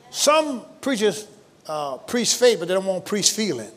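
A man preaching a sermon to his congregation, leading call-and-response lines and breaking into shouts, with folksy, joking asides. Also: high-pitched, big pitch swings, normal speed, long reverb tail, a little hiss or hum. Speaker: pastor. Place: church sanctuary.

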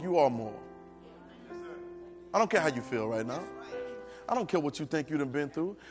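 A man preaching a sermon in a church service, urging the congregation to repeat his words. He swings from soft, low asides to loud, shouted exhortations, with many repeated phrases and restarts. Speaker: pastor. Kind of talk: sermon with call-and-response.

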